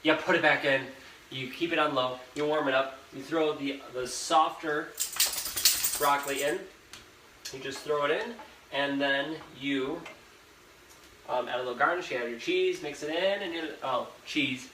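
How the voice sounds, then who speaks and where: A man's voice: fairly high pitch, normal speed. A young man hosting a live cooking stream from his home kitchen, chatting and rambling straight to his viewers. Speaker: host of a live cooking show. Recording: echoey kitchen with background noise. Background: fan noise.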